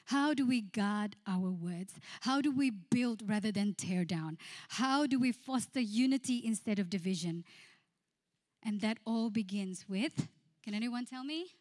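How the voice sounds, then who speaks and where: A woman pastor giving a sermon. She reads scripture, then tells a counseling story with frequent laughter and quiet, hushed quotes of her own words. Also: medium pitch, animated, measured pace.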